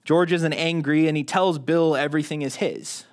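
A man's voice: fairly high pitch, steady tone, normal speed. A man preaching a sermon in a conversational, self-deprecating way, often restarting his sentences. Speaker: pastor.

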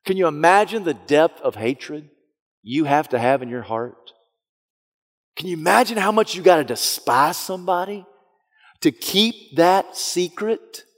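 Preacher guy telling a story big and dramatic, kinda high voice, long echo in a church hall. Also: vocal fry. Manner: dramatic storytelling, swinging from hushed to loud. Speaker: pastor. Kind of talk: sermon.

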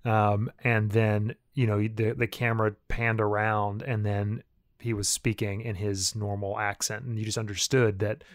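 A man's voice: fairly low pitch, little pitch movement, moderate pace, no room sound, studio quality. A man co-hosting a podcast, talking casually and emphatically, with many restarts. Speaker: podcast co-host. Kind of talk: casual chat.

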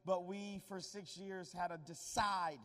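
A man's voice: high voice, steady tone, a little slow, a bit bright. A man preaching a live sermon in an emphatic way, urging the crowd to call back to him in a large hall. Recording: long hall reverb.

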